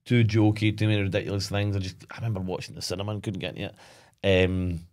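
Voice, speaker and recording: A man chatting on a podcast with a lowish voice. He rambles, laughs often and keeps trailing off and starting over in relaxed, casual talk. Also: quick pace. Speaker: podcast co-host. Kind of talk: casual chat.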